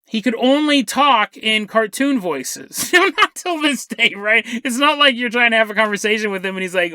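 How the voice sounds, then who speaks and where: A man's voice: extremely high pitch, animated, normal speed, few pauses, pushed and bright, clean tone, dry recording, studio quality. A man hosting a podcast, telling a story in a jokey, rambling way and laughing often as he goes. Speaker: podcast host. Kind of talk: comedic storytelling monologue.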